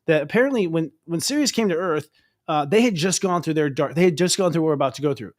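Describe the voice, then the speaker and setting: A man with a fairly high voice talks quickly as he hosts a casual chat. He rambles in an excitable way and trips over his own restarts. He fills the gaps with "you know" and "like". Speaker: astrologer host.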